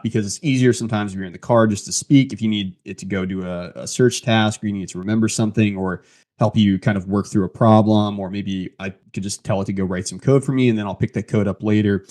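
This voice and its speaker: A man with a somewhat low voice hosts a casual tech podcast. He talks conversationally, with a few restarts. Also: a little mellow. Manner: conversational, reads a post aloud, frequent restarts. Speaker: podcast host.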